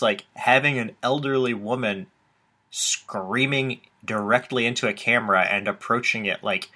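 A man's voice: lowish voice, pushed and bright. A young man co-hosting a podcast, chatting casually in a loose way with lots of filler words and the odd swear. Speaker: podcast co-host. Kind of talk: casual recap chat.

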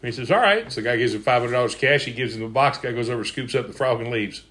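A man's voice: mid-range voice, steady tone, rapid-fire, fairly bright tone. Folksy chuckling man telling jokes. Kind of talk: casual joke-telling chat.

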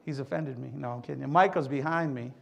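A man's voice: medium pitch, fast talker, gravelly. A middle-aged man preaching a sermon, a joking, folksy storyteller who talks straight to his congregation. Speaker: pastor.

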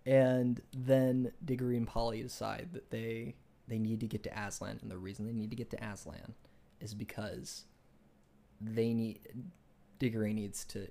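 A young man co-hosting a casual podcast, retelling a book in a rambling way with many restarts and fillers, and growing excited when he argues ideas. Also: lowish voice, measured pace. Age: young adult. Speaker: podcast co-host.

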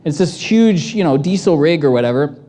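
A pastor giving a conversational, playful sermon. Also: fairly quick. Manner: conversational and playful, animated pitch swings.

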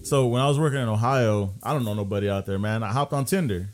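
A man's voice: lowish voice, quick pace, slight background noise. A man on a casual podcast, teasing the others and launching into his own story. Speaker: podcast co-host.

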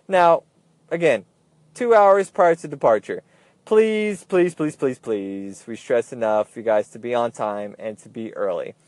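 A man's voice: a little high, a little mellow, dry recording. Chatty man with dry close sound. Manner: chatty, joking, repeats advice emphatically. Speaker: podcast host, airline gate agent. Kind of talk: casual solo podcast monologue.

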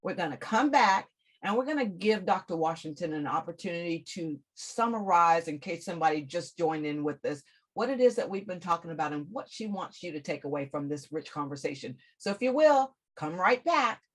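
A woman's voice: lowish voice, expressive, fairly quick, breathy edge. A woman hosting an interview show, effusive and speaking straight to her listeners. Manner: effusive, addresses listeners directly. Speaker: host. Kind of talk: radio-style interview hosting.

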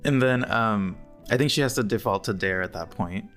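A woman's voice: a bass voice, normal speed, faint music behind. A woman co-hosting a podcast, casually recapping a movie with sarcastic asides and lots of laughter. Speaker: podcast co-host.

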